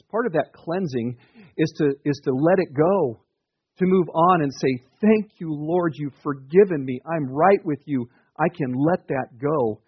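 Husky-voiced man preaching conversationally. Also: medium pitch, no echo, muffled recording. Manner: conversational, earnest preaching with asides. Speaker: pastor. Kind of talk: sermon.

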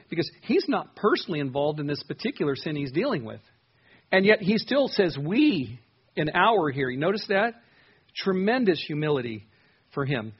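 A man's voice: mid-range voice, breathy edge, muffled recording. A man preaching an earnest sermon, reading scripture aloud and stressing words as he goes. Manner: earnest, reads scripture aloud with rising emphasis.

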